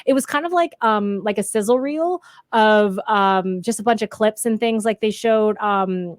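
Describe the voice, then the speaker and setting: A woman's voice: medium pitch, a little slow, no room sound, studio quality. A woman guest in a casual podcast chat, chatty and hesitant, full of ums and likes.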